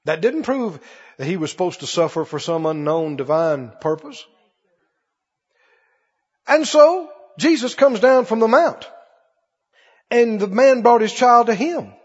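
A man's voice: high-pitched, big pitch swings, a little slow, long pauses, husky. A man preaching a sermon with passion, acting out pleading prayers and the lines of scripture. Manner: impassioned, acts out pleading prayers and quotes. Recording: dull sound in a reverberant hall.

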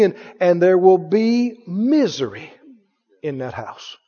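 A man's voice: big pitch swings, slow pace, dark tone, big-room sound, muffled recording. A man preaching a sermon with an emphatic, repetitive delivery, firing rhetorical questions at his congregation. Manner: mimics others in a higher voice.

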